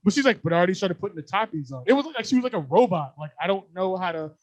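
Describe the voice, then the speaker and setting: Young male podcast co-host, quick and high-pitched, animated slangy storyteller, dry close sound. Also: slightly rough, dry recording. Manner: animated, slangy, laughs often. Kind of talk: casual storytelling chat.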